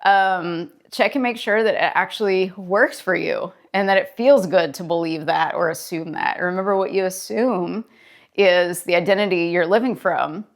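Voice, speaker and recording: A woman therapist talking casually to camera in a daily vlog, relaxed and chatty with filler words. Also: on the low side, normal speed. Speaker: therapist and daily video creator.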